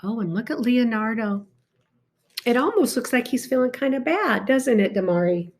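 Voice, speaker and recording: A woman reading a picture book aloud to a child, stopping often to point things out and ask him questions in an animated, exclaiming way. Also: fairly high pitch. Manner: animated, talks to a child between pages; slow and warm, exclaiming often. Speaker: reader to a child.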